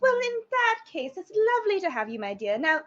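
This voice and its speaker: A woman's voice: very high-pitched, big pitch swings, fairly quick, a bit bright, pitched above the performer's own voice, heavily acted. A woman voicing a haughty, pious aristocratic lady who speaks in a prim, formal and condescending way. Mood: gracious. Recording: slightly muffled stream audio.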